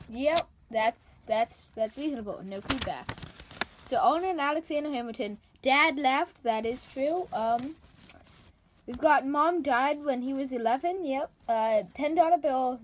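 Woman, high voice, slow and deliberate, sarcastic, comedy vlog, reading feedback aloud. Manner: dry sarcastic, sounds out misspellings. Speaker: comedy vlogger.

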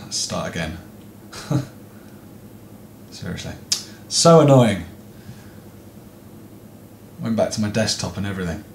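A man's voice: deep voice, normal speed, vocal fry, long pauses, echoey room, a little hiss or hum. A young man commenting on a horror game as he plays, jumpy and frustrated, swearing often. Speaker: gaming video host.

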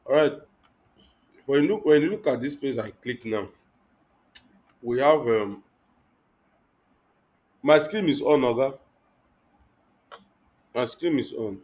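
A young man walks a live online class through web code, stopping and restarting as he thinks aloud. His voice sits at an ordinary middle pitch. The audio is dull and lo-fi, like a computer mic on a video call. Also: expressive, a little mellow. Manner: halting, thinks aloud with many restarts and fillers. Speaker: web development instructor.

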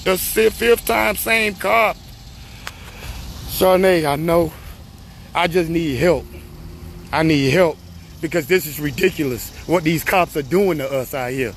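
A high-voiced man rants into his phone out on a street, upset and close to tears. He keeps repeating himself and swears a lot, climbing toward shouting. Faint street noise sits behind him. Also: a little slow, long pauses. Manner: distressed, repetitive, profane, rising to shouting. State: tearful and agitated. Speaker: upset citizen filming himself. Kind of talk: emotional phone video rant. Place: outdoors on a street by a car.

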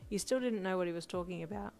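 Woman reading a fan fiction story, steady narration, lowish voice, soft music underneath. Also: quick pace, gravelly. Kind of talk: second-person story narration. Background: faint music.

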